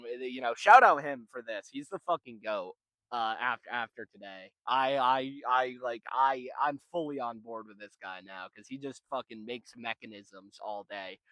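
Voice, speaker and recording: A man's voice: mid-range voice, a bit bright, no echo. A young man telling a rambling, profane story in a casual vlog. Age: young adult. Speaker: vlogger.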